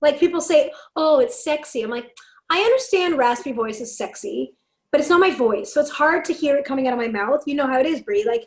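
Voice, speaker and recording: A woman with a raspy voice, a singer guesting on a podcast, telling stories excitedly and swearing freely. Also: sits high, a little fast. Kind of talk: casual chat.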